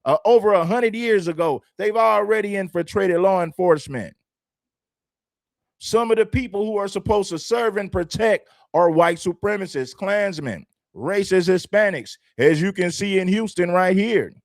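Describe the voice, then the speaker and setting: A man's voice: high voice, moderate pace, creaky, dry recording, clean studio sound. A man hosting a livestream, talking emphatically and repeating his points like a preacher. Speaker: livestream host. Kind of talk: commentary livestream.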